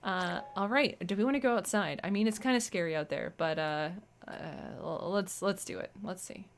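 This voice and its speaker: A woman's voice: medium pitch, a little hiss or hum. Bubbly woman hosting a game stream. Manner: bubbly, chatty, quick to gush. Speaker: stream host playing games. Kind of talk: casual game stream chat.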